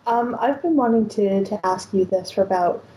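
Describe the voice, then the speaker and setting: A woman's voice: mid-range voice, moderate pace, mellow. Female caller over an echoey line with faint noise, hesitant, lots of ums. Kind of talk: casual call-in chat. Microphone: computer call.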